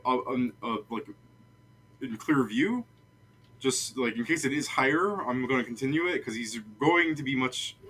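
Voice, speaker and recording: Casting: male game master, casual and joking, bright tone, faint noise behind. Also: mid-range voice, low-quality recording. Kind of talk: narrating a tabletop game.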